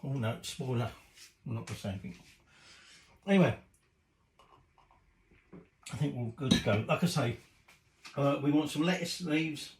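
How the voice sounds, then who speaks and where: A man's voice: mid-range voice, moderate pace, pauses often, reverberant, slight background noise, rough recording. A middle-aged man, rambling casually and swearing mildly as he cooks in his home kitchen. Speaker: cooking show host. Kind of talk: casual cooking vlog chat.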